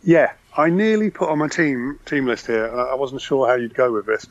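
A man's voice: medium pitch, a little fast. Man chatting football on a dull line. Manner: enthusiastic, rambling with restarts. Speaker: podcast guest. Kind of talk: casual football chat.

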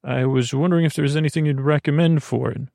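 A meddling, chatty townsman, voiced by a man, who rambles on at a quick, eager clip. The voice has a gravelly edge and sits mid-range. It is recorded close and dry in a bedtime comedy story. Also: a little high, steady tone, mellow, no echo.

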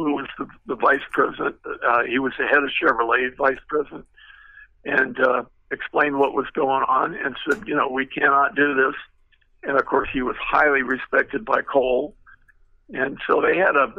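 A man's voice: medium pitch, dry recording. An older man, a retired car designer, telling stories in a rambling way with many fillers and restarts. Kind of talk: anecdotal storytelling. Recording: tinny phone-like line, dry.

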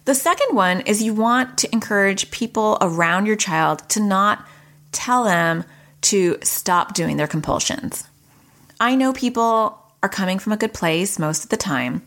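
A woman from New York hosting an educational podcast, explaining points in a direct way with quick asides. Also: medium pitch, fairly bright tone. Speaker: podcast host.

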